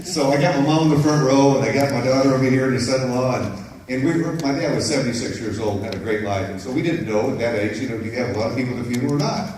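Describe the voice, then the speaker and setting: A man's voice: medium pitch, racing, a little mellow. A middle-aged man, a motivational speaker, telling a personal story to a group in a chatty way, often checking in with "right?". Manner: personal, anecdotal, frequent "right?" check-ins. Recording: echoey room, distant mic, faint noise.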